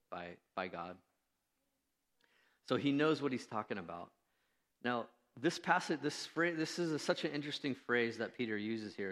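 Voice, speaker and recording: A man's voice: lowish voice, fairly bright tone. A man preaching a sermon as pastor, in a conversational way, joking at his own expense and acting out the lines of the people in his story. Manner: conversational, self-deprecating, with fillers and acted-out quotes. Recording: preached in a reverberant church hall.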